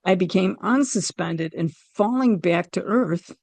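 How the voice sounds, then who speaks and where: A middle-aged woman from the United States, a podcast guest telling a personal story in an animated way and acting out her own quoted lines. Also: lowish voice, measured pace, dry recording. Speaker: interview guest.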